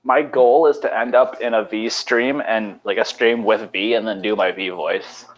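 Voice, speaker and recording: A man's voice: lowish voice, fairly even intonation, normal speed. Rambling young man on a muffled call. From California. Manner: laid-back, rambling, stammering restarts. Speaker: podcast co-host. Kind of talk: casual crude banter. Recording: lo-fi voice call with faint noise.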